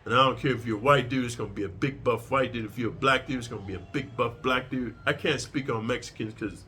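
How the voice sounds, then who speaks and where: A man's voice: medium pitch, quick pace, pushed and bright. A man telling a prison story in a casual, profane, streetwise way, lecturing his listeners.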